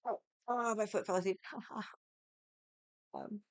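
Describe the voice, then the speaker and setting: A woman's voice: medium pitch, fairly even intonation, takes it slowly, no room sound. A woman livestreamer telling a story in casual, rambling speech, swearing constantly as she talks. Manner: restarts and fillers, loosely paced.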